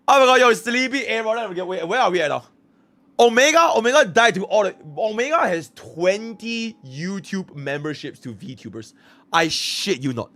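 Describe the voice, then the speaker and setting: A young man from Singapore streaming live, chatting casually with his viewers and swinging between low mumbles and excited shouts. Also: moderate pace, no echo. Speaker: livestreamer.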